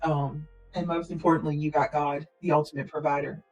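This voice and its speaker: Woman livestreamer clearing her throat often. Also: low voice, flat delivery, a little fast, a little mellow, highs cut off, soft background music. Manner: earnest, prayerful, speaks straight to viewers. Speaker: livestream host. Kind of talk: casual livestream chat.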